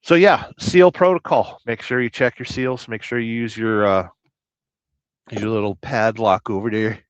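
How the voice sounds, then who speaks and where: An American truck driver hosting a casual livestream, rambling through jokes and viewer comments with a deadpan, blustery manner. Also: male voice, on the low side, normal speed, clear, resonant tone, no room sound. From United States. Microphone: livestream mic. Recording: dry, dull lo-fi stream audio.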